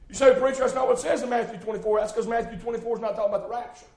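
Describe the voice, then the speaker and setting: A male preacher, delivering a fervent sermon in rhythmic repeated phrases that break into shouts. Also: very high-pitched, steady tone, racing, creaky, echoey room.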